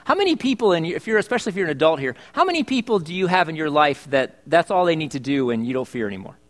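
A man's voice: on the high side, sing-song, quick pace. A middle-aged male pastor preaching a sermon in church, chatty and joking, asking his congregation questions. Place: church service.

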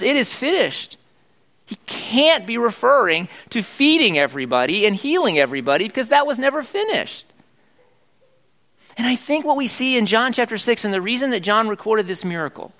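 A man with a notably high-pitched voice delivers a sermon to his congregation. He is middle-aged and talks in an easygoing, conversational way, tossing rhetorical questions out to the room. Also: gravelly, fairly bright tone. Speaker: pastor.

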